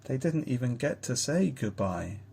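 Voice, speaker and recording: A man reading a children's Bible story aloud in a slow, tender storytelling manner. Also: mid-range voice, sing-song, vocal fry, mellow, slightly rough. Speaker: reader.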